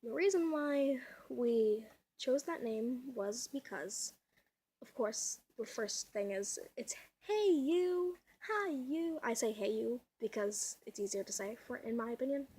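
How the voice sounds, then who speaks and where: A woman's voice: on the high side, unhurried, dark tone, husky. A young woman vlogging at home, chatty and giggly, rambling with lots of fillers, her voice a little off. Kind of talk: casual home vlog. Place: at home indoors. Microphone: camera mic.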